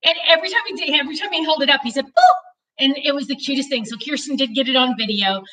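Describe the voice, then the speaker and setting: A woman in her thirties hosting a live craft stream, chatting casually and talking loudly because she has no mic and the cameras are far away. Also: sits high, very fast. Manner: chatty, self-deprecating, talks loudly to reach distant cameras. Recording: distant, unmiked room sound.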